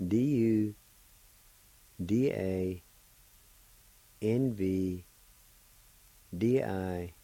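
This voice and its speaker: Middle-aged man, radio language teacher, dark mellow tone, dry close sound, spells words out slowly. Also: on the low side, dry recording. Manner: slow, careful, syllable by syllable.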